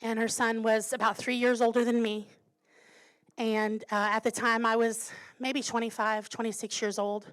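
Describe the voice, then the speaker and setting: A woman in her thirties preaches from the pulpit, her voice sitting a little high. She tells a personal story with earnest, quiet care, then builds to strong, emphatic declarations. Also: little pitch movement, moderate pace, clear, resonant tone. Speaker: pastor. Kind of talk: sermon.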